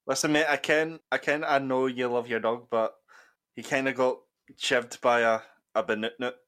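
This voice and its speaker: A man's voice: medium pitch, steady tone, moderate pace, a bit bright, close to an everyday voice. A man doing a put-on Scottish accent as a caring uncle breaking sad news, in a consoling, rambling, mock-serious way.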